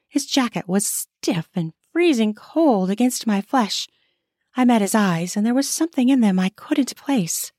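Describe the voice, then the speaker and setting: A woman narrates an erotic story in the first person, taking her time over every phrase. Her reading is slow and intimate, and the close, dry recording has no room sound around her voice. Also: mid-range voice, darkish tone, no room sound. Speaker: narrator and author.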